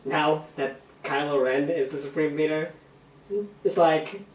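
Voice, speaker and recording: Relaxed young male co-host, slightly high voice, heard from far off in an echoey room. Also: a little slow, a little hiss or hum. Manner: laid-back, chuckling, short agreements. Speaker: podcast co-host. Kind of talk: casual movie discussion. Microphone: camera mic. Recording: roomy, distant camera mic.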